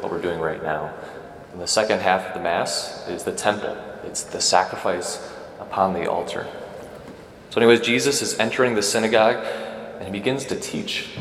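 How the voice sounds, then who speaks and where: A man's voice: low voice, reverberant, big-room sound, a little hiss or hum. A man preaching a homily at Mass in a conversational way, often checking in with the congregation. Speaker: Catholic priest. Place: church.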